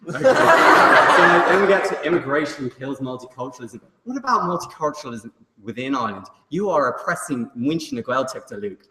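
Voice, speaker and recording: A man's voice: medium pitch, sing-song, a little fast. Young guy joking through a debate speech, says like a lot, sounds far off in a big echoey hall. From England. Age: young adult. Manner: chatty, filler-heavy, teasing. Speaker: student debate speaker. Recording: echoey hall, far mic, loud noise.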